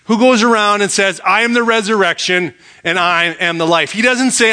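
A male pastor with a bright, ringing voice that sits a little high for a man. He reads verses aloud, then explains them by posing questions back to his listeners in a sermon. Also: moderate pace, few pauses.

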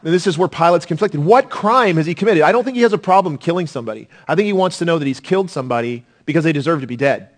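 A man's voice: on the high side, animated, racing, hardly any pauses. Earnest male pastor preaching a sermon. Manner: earnest, dynamic, swings from loud emphasis to quiet intensity.

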